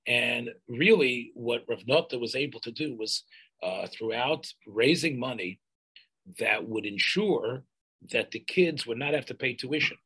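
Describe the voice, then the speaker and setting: An older man recounts community history in an oral history interview, often halting and starting over while mixing in Yiddish and Hebrew words. His mid-range voice is husky with a sharp tone, and the recording is rough.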